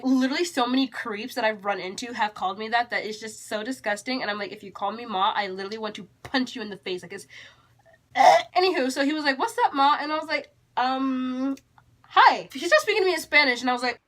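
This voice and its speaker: A teenage girl from Texas telling a storytime vlog in an animated, chatty, exasperated way. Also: high-pitched. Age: teens. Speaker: YouTuber.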